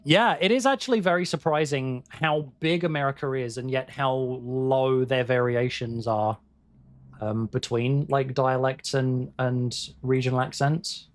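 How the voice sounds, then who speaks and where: A man's voice: mid-range voice, a little slow. A man hosting a game livestream, chatting casually with viewers in a rambling way, with restarts and the odd swear word. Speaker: livestream host playing a game. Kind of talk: casual chat with viewers while gaming.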